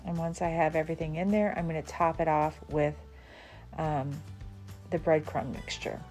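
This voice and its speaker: A woman's voice: sits low, steady tone, normal speed, a little mellow, faint music behind. A woman from the Southern United States hosting a cooking channel, chatting casually through a recipe with fillers and small laughs. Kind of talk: casual cooking demonstration voice-over.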